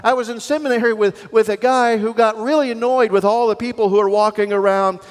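A middle-aged man preaching a sermon as a pastor, telling stories in an animated way and acting out the voices in them. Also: high-pitched, brisk. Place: church sanctuary. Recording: long reverb of a church hall.

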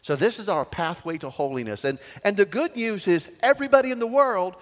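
A man preaching a sermon as pastor, swinging from loud to soft. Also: high-pitched, lively intonation, fairly quick, long reverb tail.

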